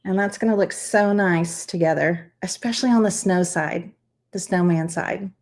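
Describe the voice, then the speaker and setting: A woman with a lowish, slightly mellow voice at normal speed demonstrates crafts on a live stream. Chatty and encouraging, she guides viewers step by step.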